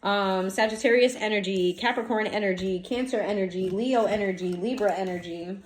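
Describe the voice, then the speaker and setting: A woman giving a casual tarot reading straight to her viewers, blunt and animated, swearing freely in slangy talk. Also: medium pitch, moderate pace. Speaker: tarot reader. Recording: echoey room, faint noise.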